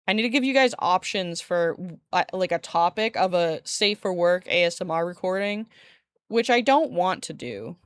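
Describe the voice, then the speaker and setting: A woman's voice: lowish voice, no room sound. Chatty woman streamer, dry close sound. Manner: rambling, chatty, laughs often, swears casually. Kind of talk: casual chat with stream viewers. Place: room at home by a window. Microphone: desk streaming mic.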